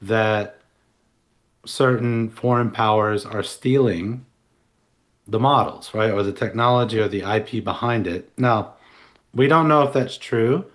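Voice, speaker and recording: A man's voice: lowish voice, a little slow. A man co-hosting a podcast, talking in a loose, rambling way with restarts and asides. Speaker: podcast co-host. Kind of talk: casual analytical chat.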